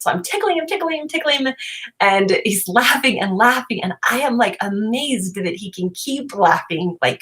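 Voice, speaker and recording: An animated woman in her thirties chats through a casual home livestream, her pitch leaping up and down as she tells a family story. She laughs easily and puts on high little voices when she quotes her kids. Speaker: mom vlogger.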